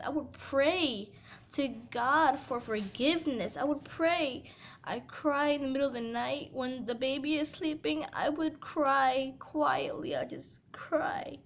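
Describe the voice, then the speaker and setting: High-voiced young woman, tearful confession. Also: a little hiss or hum. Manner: tearful, heartfelt, many "you know" fillers. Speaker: vlogger. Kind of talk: emotional storytime confession.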